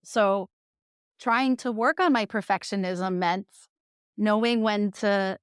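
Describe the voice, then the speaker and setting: A woman in her thirties from the Jersey Shore, a podcast guest candidly telling her own story with lively laughter. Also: medium pitch, slow pace, smooth, no room sound, clean studio sound. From Jersey Shore, USA.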